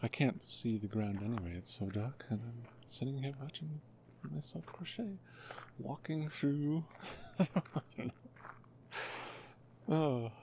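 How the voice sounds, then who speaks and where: A man making his first ASMR video, talking in a soft, half-whispered voice that is hushed and self-mocking, and often apologizing. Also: mid-range voice, measured pace, pauses often, a little hiss or hum. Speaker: ASMR creator.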